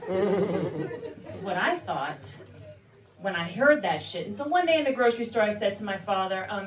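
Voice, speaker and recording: A woman doing stand-up in a live club, deadpan with quick asides, her voice at an everyday middle pitch. She sounds a little distant from the mic in an echoey room, with a crowd laughing around her. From Oakland, California. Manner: deadpan storytelling, quick asides, acts out quoted people. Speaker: stand-up comedian. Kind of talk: stand-up comedy set. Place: live comedy club with audience.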